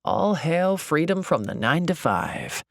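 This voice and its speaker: Woman voicing a deep, easygoing young man. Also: big pitch swings, a little slow, gravelly, no room sound, studio quality, heavily acted.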